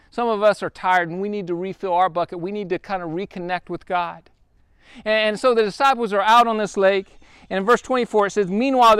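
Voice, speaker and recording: A man with a very high, smooth voice preaches a sermon. He talks earnestly and conversationally, with frequent restarts. The sound is dry and close. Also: no echo. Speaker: pastor.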